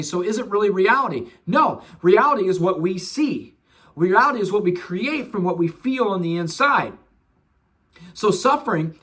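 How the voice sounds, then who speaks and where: Man, middle-aged, high pitch, casual spiritual talk, swears, mocking asides. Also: fairly bright tone. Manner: swears freely, mocks with put-on voices. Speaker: self-help speaker.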